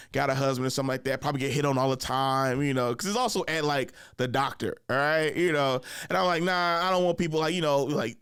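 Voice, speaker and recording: A young man hosting a podcast, telling funny stories in a casual chat, jumping into high voices to act out other people and laughing along. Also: fairly bright tone, smooth, no room sound, studio quality. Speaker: podcast host. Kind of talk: casual storytelling monologue.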